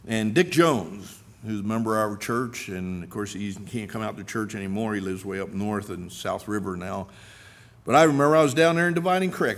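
Man, pastor, sermon, earnest, emphatic rises, mid-pitched voice. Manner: acts out quoted speakers while telling stories.

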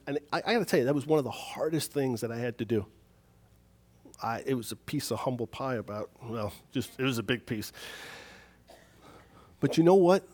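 A man's voice: mid-range voice, a little mellow. A man preaching a sermon on forgiveness in a conversational, self-deprecating way, telling a story on himself.

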